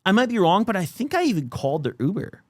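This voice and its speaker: A man's voice: sits high, fast talker, no room sound, clean studio sound. A young man in his twenties, a podcast host telling a story in a casual, profane way. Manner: animated, profane, heavy use of "like".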